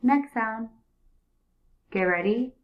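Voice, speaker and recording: Woman, early reading teacher, slow and clear repetitive prompting, dull lo-fi sound. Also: a little high. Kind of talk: early reading lesson for young students.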